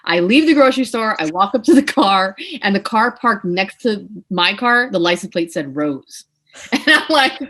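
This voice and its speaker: Podcast guest, woman, clear bright tone, expressive storyteller. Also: medium pitch, moderate pace. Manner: animated, emotional storytelling with laughs. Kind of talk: casual storytelling chat.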